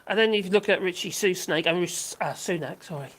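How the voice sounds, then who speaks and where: A woman's voice: on the low side, fast talker. An older woman, chatting casually on a livestream, reading out viewer comments and rambling with frequent giggles and restarts. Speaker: livestream host.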